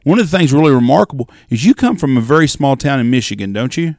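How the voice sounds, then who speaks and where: A man's voice: mid-range voice, expressive, fast talker, darkish tone, dry recording, clean studio sound. A man hosting a podcast, chatting casually and asking his guest leading questions in a folksy way. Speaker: podcast host. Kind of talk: casual interview chat.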